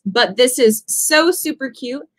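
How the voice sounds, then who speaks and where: High-voiced woman selling jewelry live. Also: lively intonation, no room sound, poor audio. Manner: chatty, describes pieces slowly. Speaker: live auction seller. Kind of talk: casual live-stream selling.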